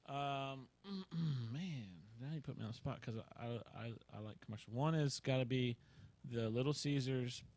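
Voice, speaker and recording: A man's voice: medium pitch, normal speed. A man hosting a casual chat show, telling funny stories with lots of laughter. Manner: animated storyteller, laughs often. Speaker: host.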